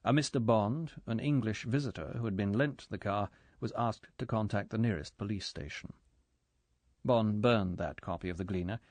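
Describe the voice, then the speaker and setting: A man reading an audiobook in measured, even scripted narration. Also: lowish voice, no room sound.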